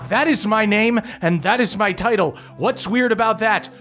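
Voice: medium pitch, moderate pace, a bit bright, soft background music, voice pushed up, lightly acted. A game master voicing a pompous, indignant male elf headmaster in a tabletop game. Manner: haughty, indignant.

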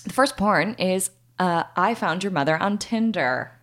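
A woman co-hosting a casual podcast in a bright, clear voice. Her pitch swings widely as she chats, playful and bubbly, laughing often. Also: expressive, a little slow. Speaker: podcast co-host. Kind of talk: casual chat.

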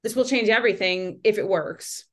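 A young woman talking as a podcast guest, chatty and animated, with lots of "like" and quick asides. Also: mid-range voice. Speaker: podcast guest, independent journalist. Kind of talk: casual podcast conversation.

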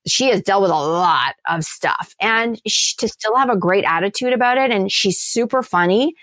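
A woman answering interview questions in a chatty, animated way, with lots of fillers and restarts. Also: mid-range voice, normal speed, no room sound. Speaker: TV host being interviewed.

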